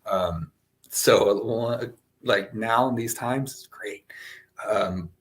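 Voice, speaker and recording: A young man hosts a relaxed spiritual session and talks in long, winding runs full of "you know" and "right?". His voice sits fairly low. He stays loose and lively. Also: very slow. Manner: rambling, animated, many fillers and laughs, reads chat aloud. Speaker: spiritual teacher hosting a session. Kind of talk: casual spiritual talk to a live chat.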